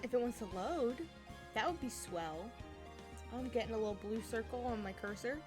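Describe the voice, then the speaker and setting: A woman's voice: fairly high pitch, expressive, normal speed. A woman streamer chatting and giggling through asides while she plays a game. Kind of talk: casual game commentary. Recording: game music behind.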